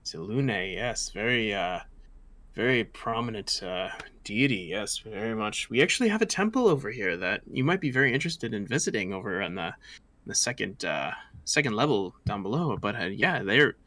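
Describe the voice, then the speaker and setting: A man's voice: lowish voice, normal speed, dry recording. A man voicing a jolly, proud middle-aged king who gushes over his guests. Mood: courtly. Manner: gushing, excitable.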